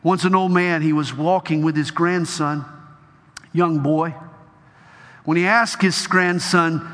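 A male preacher delivering a sermon and prayer to a congregation, emphatic and building to loud exhortation. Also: fairly high pitch, fairly even intonation, unhurried. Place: large hall with a crowd. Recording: long hall reverb.

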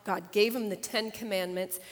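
An older woman, a grandmother, chatting about her grandchildren and then teaching a Bible lesson, animated and laughing as she tells stories. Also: medium pitch, normal speed, in a large hall. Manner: chatty, animated, acts out children's voices with laughter. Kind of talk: casual storytelling and Bible lesson.

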